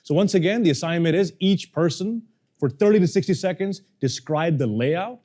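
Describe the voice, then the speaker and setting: A man teaching a live workshop on speaking, animated and playful, joking with the audience. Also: a little high, normal speed. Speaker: communication coach. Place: seminar room with audience.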